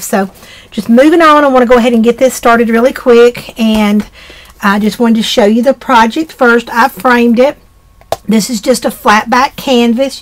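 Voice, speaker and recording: A middle-aged woman with a Southern accent, chatting her way through a craft tutorial, rambling with ums and restarts. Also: on the high side. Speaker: craft demonstrator.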